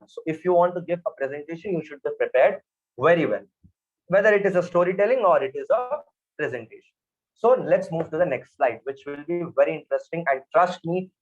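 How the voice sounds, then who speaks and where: A man with a high voice and an Indian English accent teaches storytelling with lively emphasis. He pushes his volume up, then drops to near-whispers, and the recording sounds dull and lo-fi. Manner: animated, emphatic, swings between loud and soft. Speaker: spoken English trainer. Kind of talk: motivational lesson.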